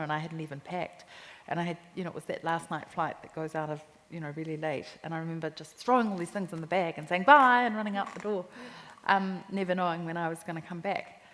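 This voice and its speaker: A woman with a New Zealand accent, a cookbook author telling lively anecdotes in a stage interview at a live festival talk. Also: deep voice. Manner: animated anecdotes with quoted voices and laughter. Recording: reverberant hall with faint noise.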